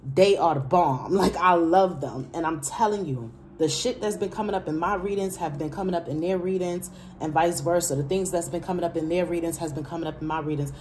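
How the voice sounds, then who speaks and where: A woman's voice: lowish voice, steady tone, fast, few pauses, darkish tone, slight background noise. A woman doing a casual tarot reading, chatty and emphatic, who repeats her phrases, laughs between remarks and speaks straight to her viewers. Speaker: tarot reader.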